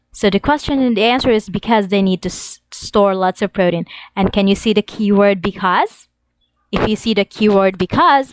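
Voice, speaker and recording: A woman teaching an English lesson to young children, reading examples slowly in an exaggerated sing-song way. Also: mid-range voice, dry recording.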